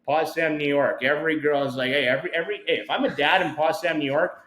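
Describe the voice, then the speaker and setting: A man's voice: a little high, fast, fairly bright tone, roomy sound, poor audio. A man hosting a podcast, rambling and hyped, repeating himself as he chats casually. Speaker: podcast host. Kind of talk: casual chat.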